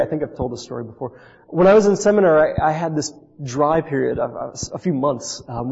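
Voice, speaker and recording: A man's voice: on the high side, vocal fry, mellow, breathy edge. A man preaching a sermon as pastor, earnest and repetitive, restarting phrases often. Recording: dull lo-fi recording with long hall reverb.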